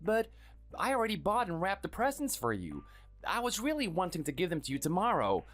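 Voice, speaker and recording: A man's voice: wildly swooping pitch, fairly quick, fairly bright tone, soft background music, exaggerated voice. A man playing a timid, sickly husband in his thirties who is meek and apologetic. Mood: pleading. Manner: meek and apologetic, raised pitch. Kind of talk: dramatized story dialogue and first-person narration.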